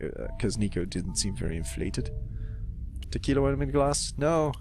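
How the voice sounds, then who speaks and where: A man's voice: medium pitch, lively intonation, normal speed, darkish tone, soft background music. Joking young man playing a game. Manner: joking, swearing, muttering to himself. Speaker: let's play host. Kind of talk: casual game commentary.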